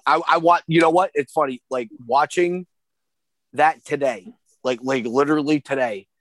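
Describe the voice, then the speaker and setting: A man's voice: on the high side, moderate pace, dry recording. A man co-hosting a casual film podcast, rambling with stammered repeats and casual swearing. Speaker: podcast co-host.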